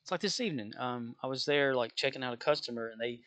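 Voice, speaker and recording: A man's voice: mid-range voice, fast talker, a bit bright. A worn-out man ranting in a rambling, profane way while playing a game, exasperated and chuckling often. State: worn out, low energy. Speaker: gaming streamer venting about work.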